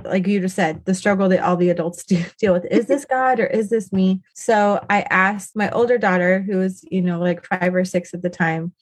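A woman in her thirties, a podcast guest, talking casually about her faith and her kids, rambling with lots of "like" and "you know". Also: fairly low pitch.

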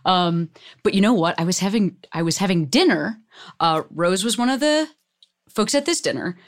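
Animated, joking woman host. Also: lowish voice, moderate pace. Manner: animated, joking, laughs often. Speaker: podcast host. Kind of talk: casual chat.

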